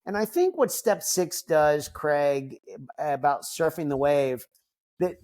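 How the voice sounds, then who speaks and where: A man's voice: on the high side, animated, takes it slowly, a little mellow. A man in his fifties, a podcast guest, talking reflectively in a casual interview, with frequent fillers and restarts. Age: 50s.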